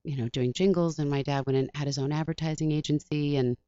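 A woman's voice: deep voice, steady tone, fast, warm tone, clear, resonant tone, no echo, dull audio. A woman from the Washington, D.C. area, a guest chatting casually and rambling, acting out her own quotes. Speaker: actress guest. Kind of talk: casual interview chat.

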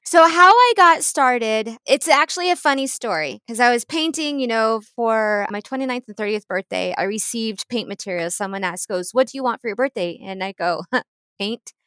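A woman in her thirties tells her story as a guest, rambling and laughing as she goes. Her voice sits a little high. It is recorded close and dry. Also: moderate pace, no room sound. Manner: rambling, laughs often, animated quoting. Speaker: intuitive painter guest. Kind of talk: casual conversational storytelling.

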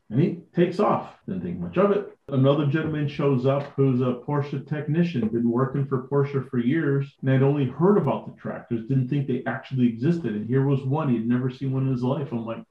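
A man's voice: medium pitch, a little fast. A middle-aged man spins casual anecdotes, putting on voices for the people in his stories and breaking into laughter. His voice sits in an ordinary middle range. The audio is echoey and a little dull, as if recorded in a bare room on a lo-fi mic. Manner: animated, acts out quoted dialogue, laughs often. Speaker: guest, vintage tractor collector.

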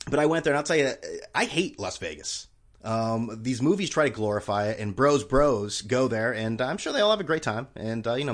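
A man's voice: medium pitch, fairly bright tone. A man hosting a solo podcast, ranting in a rambling, sarcastic way with frequent swearing. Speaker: podcast host. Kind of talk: casual solo podcast rant.

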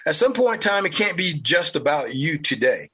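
A man with a Southern US accent, hosting a podcast with blunt, fired-up political commentary, mild cursing and a husky voice. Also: fairly high pitch, very animated, normal speed, bright, forceful tone. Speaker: podcast host.

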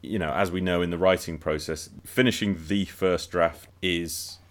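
A man with a very deep, low voice talks through a podcast discussion in a relaxed, unscripted way. He often restarts his sentences and repeats words while he gathers his thoughts. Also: normal speed. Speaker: podcast co-host.

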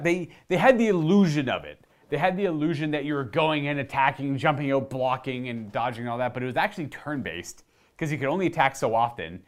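A man from Ontario, chatting casually on his channel, rambling and correcting himself and getting animated while demonstrating. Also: medium pitch. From Ontario, Canada. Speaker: video host answering viewer questions. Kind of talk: casual chat.

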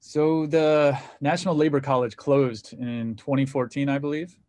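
A man interviewing a guest about labor organizing, speaking in a measured, reflective way. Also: mid-range voice, flat delivery, darkish tone, dry recording. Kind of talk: thoughtful interview questions.

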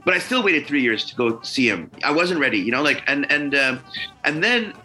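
A man's voice: on the high side, very animated, normal speed, sharp tone, faint music behind, rough recording. A man, a musician guest, telling a long story in casual conversation, rambling with many fillers and swearing freely.

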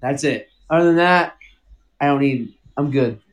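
A man's voice: medium pitch, a little slow. A man who is a guest on a casual live chat, joking in a laid-back, profane way.

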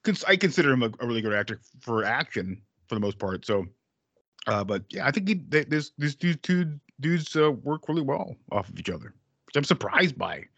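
A man chatting loosely about a film with friends, swearing freely and stumbling through restarts. His voice sits at an ordinary pitch. The recording sounds dull and dry, with no room around it. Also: sing-song, fairly quick, fairly bright tone, no echo. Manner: rambling, profane, quotes lines in playful voices. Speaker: podcast co-host. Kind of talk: casual movie discussion.

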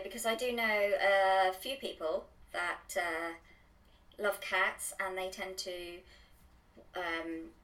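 A woman's voice: on the low side, sharp tone, poor audio. A woman co-hosting a local podcast, chatty and gushing, laughing easily. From England. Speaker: co-host. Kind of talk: casual chat.

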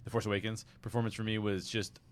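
A man with a slightly low voice talking on a fan podcast. He speaks haltingly, restarting his sentences and searching for words. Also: little pitch movement. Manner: hesitant, halting, many restarts. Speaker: podcast panelist. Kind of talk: casual fan podcast discussion.

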